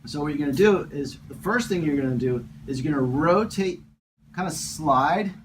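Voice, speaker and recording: A man calmly talking through an exercise step by step as a fitness instructor, often repeating his words. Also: on the high side, normal speed, noisy background. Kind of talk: casual exercise demonstration.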